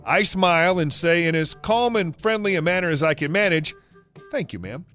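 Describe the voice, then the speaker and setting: A man reading stories aloud in a brisk storytelling manner. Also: sits high, a bit bright, clear, resonant tone. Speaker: story narrator. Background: faint music.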